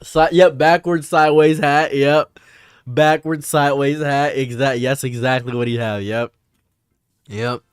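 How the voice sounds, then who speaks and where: A young man chatting casually on a live stream, animated, rambling and laughing often. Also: medium pitch, a little slow, smooth, dry recording, clean studio sound.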